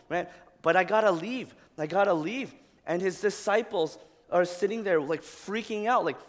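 A man preaching a sermon in a casual, conversational way, often tagging "right?" onto his points and growing loud and animated as he retells the story. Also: a little high, in a large hall. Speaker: pastor.

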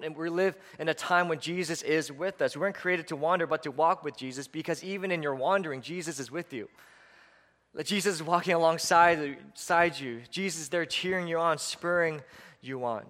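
A man's voice: a little high, sharp tone. Earnest preaching man in a reverberant church. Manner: earnest, urgent preaching with repeated phrases and frequent fillers. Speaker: pastor. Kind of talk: sermon. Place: church sanctuary. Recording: long reverb of a church hall.

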